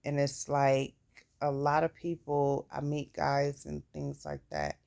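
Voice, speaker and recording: A woman's voice: sits low, level tone, takes it slowly, vocal fry, darkish tone. A woman recounting her own life story in a candid, plain-spoken way, with casual swearing. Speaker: vlogger. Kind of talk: personal storytelling.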